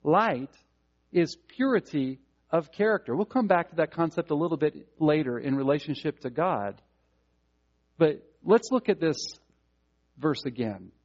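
Emphatic high-voiced preacher, dull recording. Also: male voice, expressive, unhurried. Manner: emphatic, repeats words for stress. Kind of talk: sermon.

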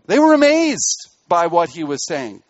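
Man, sermon, earnest preaching, emphatic peaks and quiet asides, slightly high voice, dry close sound. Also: huge pitch swings, unhurried, no room sound, highs cut off. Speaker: pastor.

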